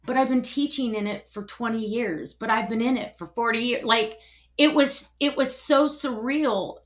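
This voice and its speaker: A middle-aged woman telling a personal story, animated and acting out both sides of each conversation. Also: on the high side, moderate pace.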